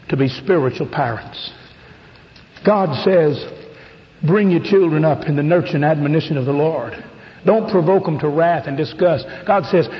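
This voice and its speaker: A middle-aged man preaching a fervent sermon, rising to shouts at the peaks. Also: a little high, slight background noise. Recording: dull radio broadcast with long reverb.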